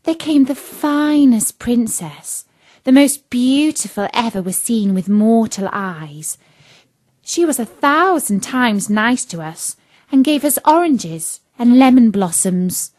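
A woman voicing a boastful young stepsister in a storybook, gushing with excitement in a raised, lively voice. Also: on the high side, takes it slowly, voice pushed up.

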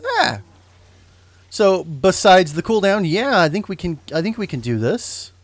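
Young guy chatting thru his game stream, kinda high voice, dead dry sound, rambles and fixes his own words. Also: lively intonation, moderate pace, dry recording. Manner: rambling, self-correcting, joking asides. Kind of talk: casual gameplay commentary.

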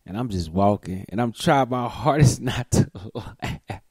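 A man hosting a live podcast, telling a profane comic story and swinging from mutters to shouts. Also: medium pitch, expressive, measured pace, slightly rough, no echo.

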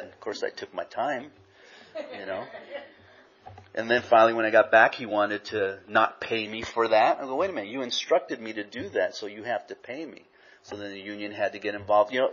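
Middle-aged male pastor, husky, conversational, on a muffled recording. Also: on the low side, fairly bright tone. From Southern California. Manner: conversational, frequent "you know" asides. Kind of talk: sermon with personal storytelling. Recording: dull lo-fi recording.

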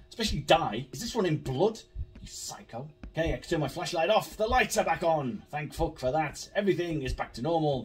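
Brief: male gamer playing horror, jumpy, profane, sarcastic, pitch swings widely, mic a little distant with faint music behind. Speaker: gaming YouTuber. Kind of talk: horror game commentary.

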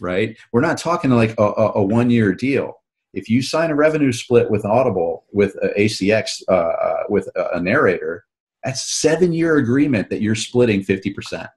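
Man, author and host, low voice, casual interview chat, long explanations, frequent restarts. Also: expressive, moderate pace.

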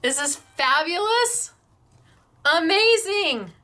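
A woman's voice: very high-pitched, expressive, slow, bright, forceful tone. A woman hosting a craft class, gushing with admiration over viewers' handmade projects.

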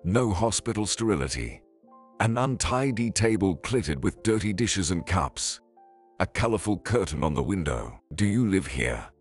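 A male narrator reads a scripted story in a deep, husky voice. His delivery is expressive, with pitch that rises and falls a lot. Faint music plays underneath. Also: normal speed.

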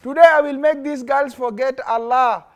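A man voicing a sneering male devil who tempts children, calling out loudly in taunts during a children's lesson. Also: very high voice, fairly even intonation, normal speed. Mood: taunting. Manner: loud taunting calls.

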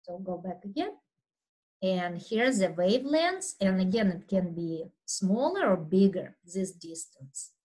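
A woman instructor giving a recorded anatomy lecture over slides, speaking loudly in an unhurried, explanatory way with fillers and throat clearing. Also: mid-range voice, lively intonation, low-quality recording. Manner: talks loudly by habit.

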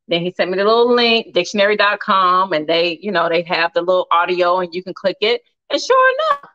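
A woman talks to her live-stream audience as she cooks at home, her pitch swinging freely up and down in an animated, playful way. She chats casually and breaks into loud whoops. The audio is dull and a bit lo-fi. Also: normal speed. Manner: playful, chatty, exclaims loudly. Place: home kitchen.

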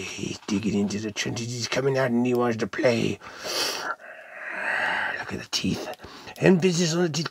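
Gravelly, hamming showman man. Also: a little high, dry recording. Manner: showman-like, addressing the audience as ladies and gentlemen; playful hamming with occasional mock-pirate phrasing. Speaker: toy and cereal reviewer. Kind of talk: theatrical unboxing vlog.

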